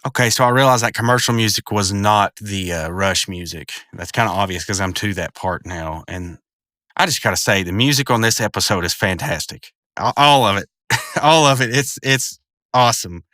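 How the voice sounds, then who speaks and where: Man, casual episode commentary, rambling with fillers, bright crisp voice, dry close sound. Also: lowish voice, moderate pace, no room sound. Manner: rambling, many fillers and restarts. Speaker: video commentator.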